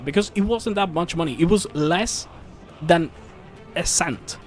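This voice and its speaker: A man streaming a game, telling a story in a casual, animated rant with swearing and frequent restarts. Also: a little high, a little slow. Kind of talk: casual chat while gaming. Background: faint game music.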